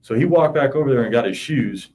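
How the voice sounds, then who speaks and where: A man's voice: mid-range voice, lively intonation, a little fast, a little mellow, slight background noise. A man in his thirties in an interview, recounting events in a rambling, profane, casual way with frequent "you know". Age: 30s. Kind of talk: casual spoken recollection.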